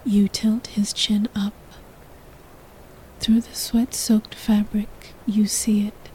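A woman's voice: medium pitch, level tone, slow, darkish tone, low-quality recording. A woman narrating a sensual story in the second person, in a whispered role-play.

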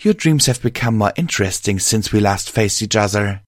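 A man's voice: on the low side, expressive, normal speed, no room sound, clean studio sound. A man putting on a smug female alicorn villain. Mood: taunting. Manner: taunting, nonchalant, mocking. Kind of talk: audiobook reading of a fan story.

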